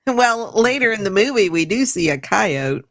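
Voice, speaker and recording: Wry woman with a gravelly voice. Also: mid-range voice, very animated, takes it slowly, dry recording. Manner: wry, adds dry jokes and short agreements. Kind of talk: casual film discussion.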